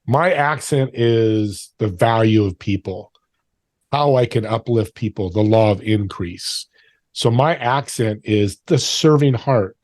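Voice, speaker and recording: A man in his forties or older, a podcast guest telling stories in an animated way and acting out the voices of people he quotes. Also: on the low side, slow, no room sound. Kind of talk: storytelling interview talk.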